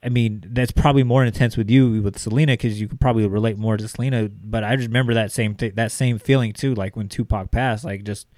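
A man's voice: on the low side, fairly even intonation, fast, few pauses, a little mellow, no room sound. Sex: man. Style: casual podcast chat. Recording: dry, close. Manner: loose, filler-heavy talk. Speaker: podcast co-host.

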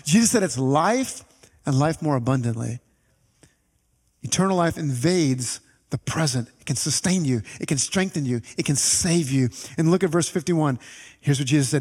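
A man preaching a sermon as pastor, animated and conversational, with asides to the congregation. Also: on the high side, normal speed, slightly rough. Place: church sanctuary. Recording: reverberant hall with faint music.

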